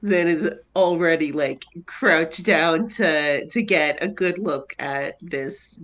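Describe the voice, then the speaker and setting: A woman player in a tabletop game describes what her character does. She speaks slowly, with a slightly low voice, in a hesitant, amused way full of fillers. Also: fairly bright tone.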